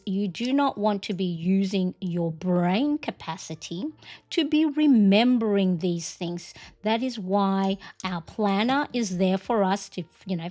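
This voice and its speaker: A woman's voice: mid-range voice, a little mellow. A middle-aged woman chatting on a planner livestream, talking casually and tagging her points with "right?" and "you know". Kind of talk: casual chat.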